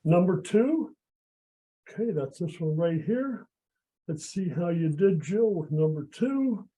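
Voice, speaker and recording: A chatty man with a cold runs a card trick for volunteers on a video call, his voice fading as he goes. His pitch sits high for a man, while the tone stays dark and mellow. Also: expressive, slow, poor audio. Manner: chatty, encouraging. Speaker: magician. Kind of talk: live magic act on a video call.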